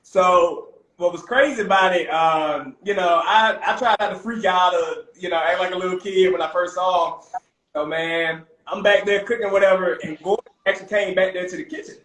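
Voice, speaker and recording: A young man, a private chef, casually telling animated stories as a podcast guest. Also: high voice, moderate pace. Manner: animated, peppers talk with "man" and "bro". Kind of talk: casual storytelling. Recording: roomy echo.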